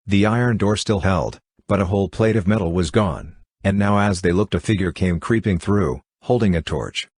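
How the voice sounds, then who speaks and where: A man with a low, husky voice narrates a classic novel at an unhurried, even pace. The recording is dry and close, with no room sound around him. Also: no room sound. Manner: steady, measured reading of classic fiction. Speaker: audiobook narrator. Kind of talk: scripted narration.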